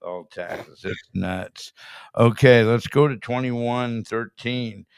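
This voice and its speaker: A man's voice: medium pitch, slow pace, gravelly, smooth, no room sound, studio quality. A man hosting a casual chat show, blunt and swearing freely. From California. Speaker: show host.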